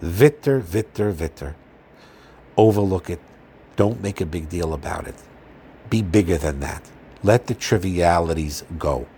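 A man giving an earnest, gentle religious talk on marriage, pausing often fillers and restarts. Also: sits low, a little hiss or hum. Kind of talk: informal religious lecture.

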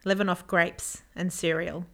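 A woman's voice: on the low side, flat delivery, a little slow, gravelly, fairly bright tone. A woman interviewing a guest with curious, short follow-up questions. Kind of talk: casual interview.

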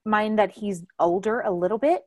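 A woman's voice: mid-range voice, moderate pace, no room sound, clean studio sound. A young adult woman hosting a casual family chat, telling stories with lots of laughter. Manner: animated storyteller, laughs often, acts out quotes loudly. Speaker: podcast host.

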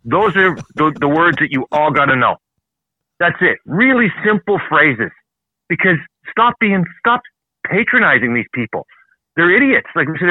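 Swearing canadian guy ranting on his show, higher voice, tinny dry phone sound. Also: sing-song, no room sound. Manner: profane, heated, fast ranting. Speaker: show host. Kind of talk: ranting political talk show.

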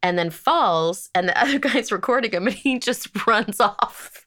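A woman's voice: a little high, expressive, moderate pace, fairly bright tone. A woman co-hosting a casual podcast, chatty and swearing as she retells a story and laughs along. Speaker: podcast co-host. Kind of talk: casual chat.

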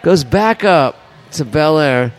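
Older man, podcast guest, rambling anecdote, swears freely, slightly high voice. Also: slow. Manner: rambling, profane, animated anecdote teller. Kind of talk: casual storytelling.

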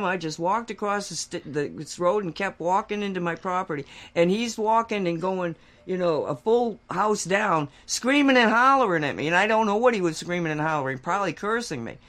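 A man co-hosting a talk show, telling a rambling story in casual chat and getting louder and more animated as he goes. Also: moderate pace. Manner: animated, getting louder and higher when worked up; rambling with restarts and acted quotes.

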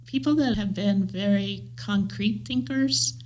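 A woman's voice: medium pitch, unhurried, a little mellow, poor audio. A woman with an American Midwestern accent, answering interview questions in a reflective, earnest way. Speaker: guest, leadership trainer.

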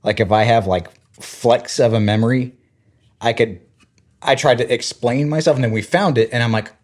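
Man telling animated family stories. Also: medium pitch, normal speed. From Georgia, US. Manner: animated retelling, acts out quoted voices. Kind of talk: casual storytelling chat.

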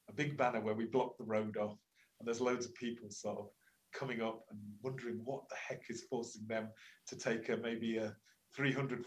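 A man's voice: medium pitch, poor audio. Older male academic guest, chatty storyteller who stumbles and restarts, puts on voices in quotes. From England. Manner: lively anecdotal telling with many restarts and acted quotes. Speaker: climate scientist and lecturer, interview guest. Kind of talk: storytelling interview answers.

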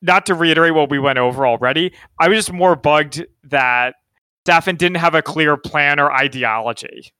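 A man co-hosts with a wry, teasing manner, his voice pitched high and bright. He poses pointed questions, then answers them himself. The recording is close and dry. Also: normal speed, smooth, no echo. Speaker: podcast co-host. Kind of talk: casual chat.

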